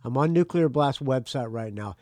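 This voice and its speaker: Male podcast host, offhand rambling, very lively pitch, dry close sound. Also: moderate pace, no echo. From United States. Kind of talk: casual solo podcast talk.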